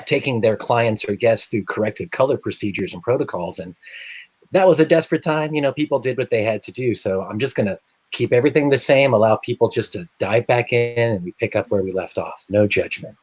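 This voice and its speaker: A hairstylist, a man, talking calmly in a casual video-call chat. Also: mid-range voice, fairly quick, slightly rough, dry recording. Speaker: hairstylist on a panel.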